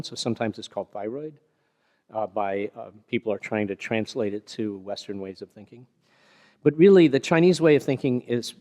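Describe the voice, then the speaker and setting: A man's voice: medium pitch, a little mellow. A man teaching karate techniques to a class, explaining in a chatty, self-deprecating way with a partner beside him. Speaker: karate instructor. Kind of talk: hands-on martial arts teaching. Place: large karate dojo with a partner. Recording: long hall reverb.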